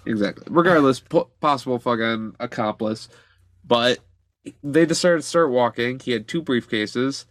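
A man's voice: mid-range voice, moderate pace, no echo, studio quality. A man casually telling a news story on a podcast, rambling and swearing freely. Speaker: podcast co-host.

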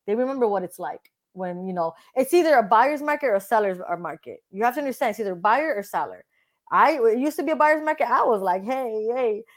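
Blunt, animated woman realtor. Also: fairly high pitch, fairly quick. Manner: blunt, animated, acts out other people's lines. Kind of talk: casual interview talk.

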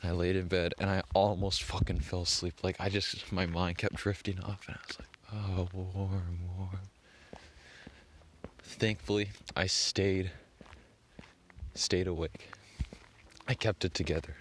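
A man's voice: low-pitched, little pitch movement, moderate pace, slight background noise. A young man vlogging casually to his phone, rambling, swearing often and filling gaps with "like". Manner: rambling, swears a lot, heavy use of "like".

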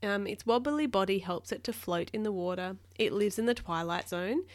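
A woman's voice: mid-range voice, normal speed. A woman reading a storybook aloud to a child, with patient, chatty asides between pages.

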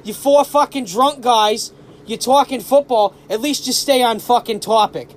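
A man doing a blunt middle-aged South Boston guy, gruff and swearing at every turn. The voice pushes louder and higher than his plain talk. It sounds emphatic. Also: normal speed.

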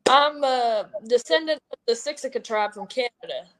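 A twenty-one-year-old woman from Kentucky with an Appalachian accent, a wrestler talking loudly and rambling in an interview. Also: a little high, expressive, moderate pace. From Kentucky, USA. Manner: loud, rambling, self-deprecating. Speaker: professional wrestler. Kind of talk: casual interview chat.

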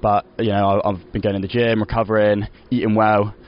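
A man's voice: fairly low pitch, little pitch movement, fairly quick, dull audio. A young man, a footballer, chatting in an interview, rambling with lots of "you know" and restarts. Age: young adult. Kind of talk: casual post-match interview.

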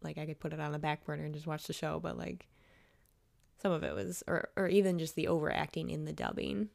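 Woman, podcast co-host, relaxed chat, lots of vocal fry. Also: deep voice, a little fast. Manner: relaxed, laughs along with her co-host. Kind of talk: casual chat.

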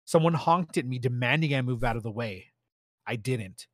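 A man reads a first-person story aloud in a steady, plain voice of middle pitch, stumbling now and then over a word. The sound is dry and close, with no room around it. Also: a little fast, no room sound. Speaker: story narrator.

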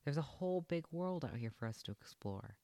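A man's voice: fairly high pitch, lively intonation, brisk, creaky, mellow, no echo, voice pushed up. A man voicing a carefree, roguish male stray dog in a storybook, talking breezily and coaxingly.

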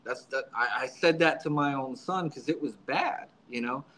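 A man's voice: mid-range voice, normal speed, bright, forceful tone, a little hiss or hum, poor audio. A man guest in an interview, a subdeacon telling his story in a casual, earnest way, often repeating words as he restarts his sentences.

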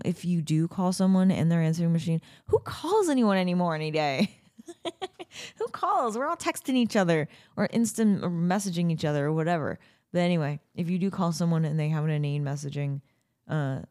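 A woman hosting a daily podcast talks in a loose, chatty way. Her voice sits a little low. She keeps slipping into playful asides and silly voices. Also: a little mellow. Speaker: podcast host. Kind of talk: casual chat.

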